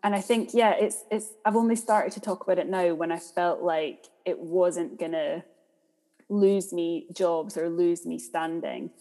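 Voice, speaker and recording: A woman's voice: on the low side, fairly even intonation, a little slow, dark tone. A woman speaking candidly and reflectively as a podcast guest, thinking aloud with frequent ums. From Scotland. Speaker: guest, theatre director. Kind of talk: podcast interview. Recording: long hall reverb.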